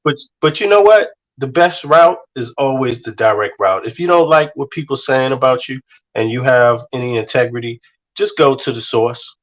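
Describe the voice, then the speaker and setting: A man's voice: mid-range voice, animated, moderate pace, poor audio. A man joining a livestream as a guest, speaking earnestly and repeating his points for emphasis. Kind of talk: casual livestream chat.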